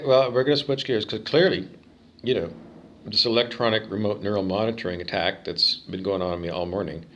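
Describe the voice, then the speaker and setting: Canadian man, fifties, low-ish voice, solo vlog monologue that wanders and digresses. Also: a bit bright, dull audio, slight background noise. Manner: digressive, opinionated, with many fillers. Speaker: vlogger.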